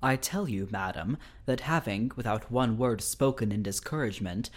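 A man's voice: mid-range voice, moderate pace, close to an everyday voice. A man reading the lines of a stern, coldly angry elderly guardian in a Victorian story, formal and scornful.

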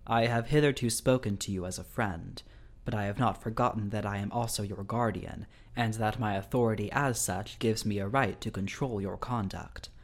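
A man's voice: fairly low pitch, moderate pace. A man reading as a stern, scornful old guardian. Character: stern elderly male guardian, coldly angry. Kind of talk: reading a Victorian story aloud.

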